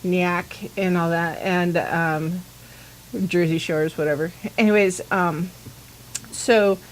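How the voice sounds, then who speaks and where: A woman hosting a pagan talk show, telling a rambling, animated story in casual chat and acting out the dialogue she quotes. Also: on the low side, slow pace, slight background noise, low-quality recording.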